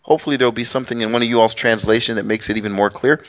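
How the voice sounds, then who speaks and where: A middle-aged man co-hosting a relaxed Bible discussion, his voice mid-pitched and ordinary. He rambles, restarting phrases often, then leans hard on key words. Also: rapid-fire. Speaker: co-host. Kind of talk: casual Bible study chat.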